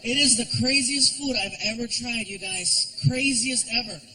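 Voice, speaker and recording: A man doing an animated stand-up comedy routine on a theater stage, telling stories with lots of voices. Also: very high voice, moderate pace, rough recording. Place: large theater.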